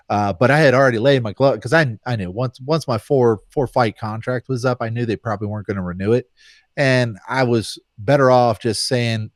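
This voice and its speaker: A man recalls his own story as a podcast guest, casual and animated, with his voice jumping up whenever he plays someone he quotes. His pitch sits in the middle range. The sound is close and dry. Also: no echo. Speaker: podcast guest, former fighter.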